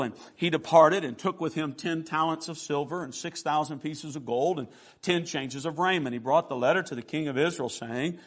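A man preaching a sermon, reading scripture aloud and addressing the congregation directly, swinging between hushed and loud. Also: on the high side, normal speed. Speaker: pastor.

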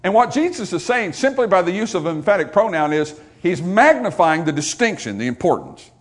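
A middle-aged man preaching a sermon to his congregation, folksy and joking, swinging between soft asides and loud emphatic points. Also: sits high, big pitch swings, brisk. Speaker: pastor.

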